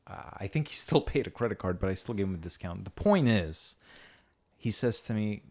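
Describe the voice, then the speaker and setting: A young man with a very low voice hosts a casual podcast. He rambles through stories, swears freely and acts out what other people said. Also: expressive, brisk, a little mellow. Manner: rambling storyteller, swearing, acting out quotes. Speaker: podcast host.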